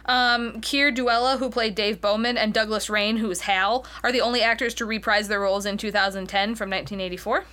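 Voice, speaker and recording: A woman co-hosts a relaxed film chat, reading out trivia notes and tripping over difficult names. Her voice sits a little high and sounds bright and clear. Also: a little fast, few pauses. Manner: reads trivia aloud, stumbling over names. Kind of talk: casual chat.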